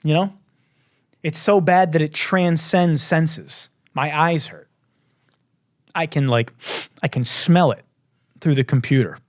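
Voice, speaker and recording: A man's voice: on the high side, fairly even intonation, slow pace, pauses often, dry recording, clean studio sound. Sarcastic ranting male host. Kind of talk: comedic commentary.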